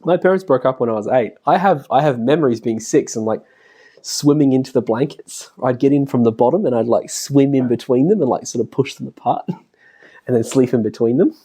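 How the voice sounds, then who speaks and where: A man's voice: mid-range voice, brisk, dark tone, slightly rough. A middle-aged man giving a casual spoken lecture, chatting, laughing often and acting out the voices of family members. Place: classroom.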